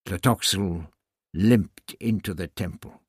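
A male narrator reads a novel in a measured, unhurried way. His voice sits low and has a husky edge, and the recording is dry and close. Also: no echo. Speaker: audiobook narrator. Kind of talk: scripted narration.

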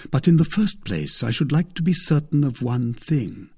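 A man voicing a young gallant swordsman in an audiobook, speaking in a calm, caressing, persuasive way. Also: medium pitch, moderate pace, slightly rough, pitched above the performer's own voice. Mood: tender.

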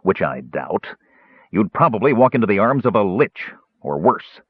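A man voicing a big, weary warrior who talks gruffly and sternly. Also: on the low side, very animated, normal speed, dry recording. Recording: tinny phone-like dry recording.

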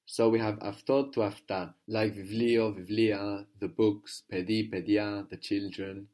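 A man's voice: lowish voice, little pitch movement, unhurried, mellow. A man teaching a language lesson, patiently prompting his student with questions and praising the answers.

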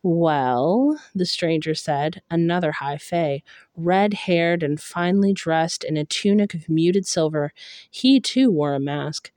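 A woman narrates a first-person novel in a measured, steady reading. Her voice is lowish and mellow, the pace slow, and the sound dry and close with no room. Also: dry recording. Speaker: audiobook reader.

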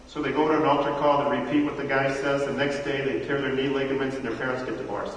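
A man's voice: medium pitch, level tone, fast, hardly any pauses. A middle-aged man preaching a sermon in a chatty, conversational way, asking his congregation questions, recorded from far off in an echoey church hall.

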